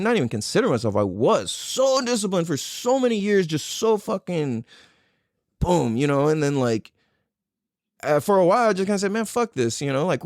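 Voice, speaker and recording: A man's voice: fairly high pitch, no room sound, clean studio sound. A man hosting a podcast and telling a personal story in a loose, profane way, full of "like" and "dude". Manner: animated, reenacting his own past reactions. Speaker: podcast host.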